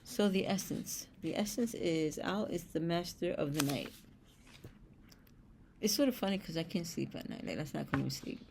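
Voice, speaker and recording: Low gravelly New woman. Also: normal speed, darkish tone, a little hiss or hum. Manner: blunt, streetwise, swears freely, reads card texts aloud. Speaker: spiritual show host reading oracle cards. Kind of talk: casual oracle card reading with personal asides.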